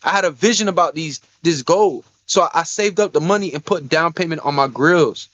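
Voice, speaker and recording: High-voiced young man, rambling storyteller. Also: brisk, a bit bright, no echo, muffled recording. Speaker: podcast co-host. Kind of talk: casual podcast chat.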